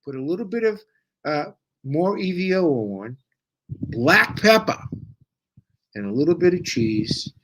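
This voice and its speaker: A man's voice: high voice, very animated, measured pace, long pauses, a bit bright, a little hiss or hum. A man co-hosting a casual live stream, talking in an emphatic, bossy and joking way. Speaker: co-host.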